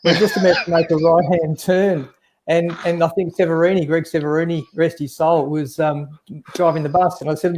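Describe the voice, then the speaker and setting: A man's voice: fairly high pitch, fairly even intonation, a little fast, darkish tone, a little hiss or hum. A man, the guest in a casual chat, telling chatty anecdotes full of dry asides.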